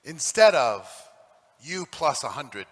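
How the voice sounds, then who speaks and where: A man giving an emphatic, preachy stage talk to a live audience as a motivational speaker, at times rising to shouts. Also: medium pitch, sing-song, slow. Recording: echoey hall recording.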